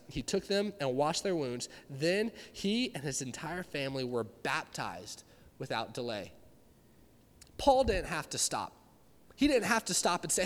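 A man preaching a sermon, animated and climbing to shouts when he acts out scripture. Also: sits high. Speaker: pastor. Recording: long hall reverb.

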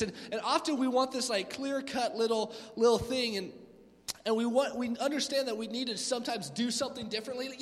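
Male youth pastor, high voice, lively casual preaching, long hall echo. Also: fairly quick. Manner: energetic, conversational, acts out voices. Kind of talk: youth sermon. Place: church hall.

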